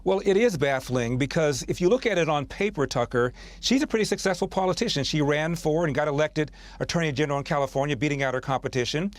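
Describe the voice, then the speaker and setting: A man appearing as a guest on a news program, making his case in measured speech with many pauses. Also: on the high side, animated. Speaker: radio host guest. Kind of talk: TV news interview.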